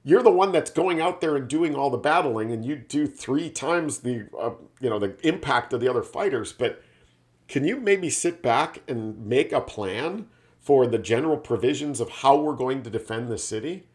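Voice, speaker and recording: A man's voice: medium pitch, animated, moderate pace, lightly acted. A man doing an earnest army captain. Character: cautious medieval army captain giving blunt feedback, male.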